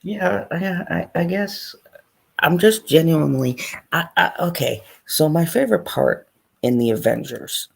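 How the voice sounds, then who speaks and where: A man's voice: fairly high pitch, expressive, measured pace, creaky, slightly rough. A man from New York co-hosting a casual live stream, grumbling and joking. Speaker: co-host.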